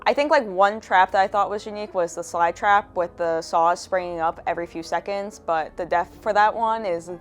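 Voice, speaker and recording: A woman's voice: fairly low pitch, normal speed, hardly any pauses, faint music behind. Profane, exasperated young woman ranting. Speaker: video essayist. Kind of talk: casual commentary rant.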